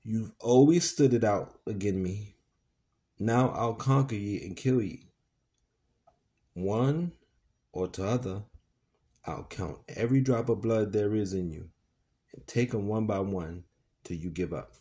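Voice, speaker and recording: A man's voice: fairly low pitch, takes it slowly, long pauses, warm tone. A man reading aloud and voicing a cruel, raging plantation master who growls through his teeth and thunders. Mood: menacing.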